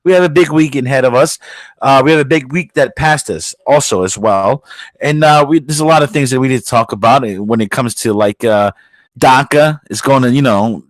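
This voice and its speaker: A man's voice: mid-range voice, no echo, rough recording. A man hosting a podcast, ranting aggressively with heavy swearing and mocking the people he talks about. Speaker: podcast host. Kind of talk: profane ranting commentary.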